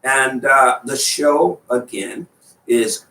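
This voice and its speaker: A man's voice: medium pitch, very slow, bright, forceful tone, echoey room, far from the mic, low-quality recording. A man hosting a radio show, bantering casually and teasing his co-host with frequent laughs.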